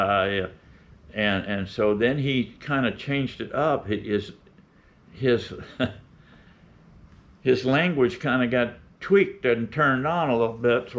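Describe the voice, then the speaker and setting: A man's voice: mid-range voice, a little slow. A man in his seventies from with a drawl, talking to his beekeeping channel in a folksy, opinionated, rambling way. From Florida. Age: 70s. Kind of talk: rambling casual vlog talk. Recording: dull lo-fi sound.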